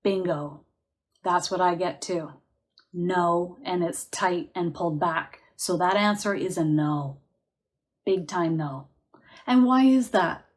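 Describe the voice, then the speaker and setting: A woman working as a psychic medium, giving a live reading in a chatty, reassuring manner with soft laughs, guiding listeners to relax and feel the answers in their bodies. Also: on the low side, slow pace.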